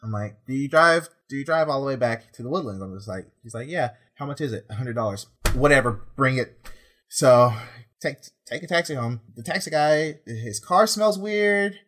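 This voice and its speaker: A young man, a prison officer, telling a rambling, exasperated story in casual chat with deadpan asides. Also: medium pitch, normal speed.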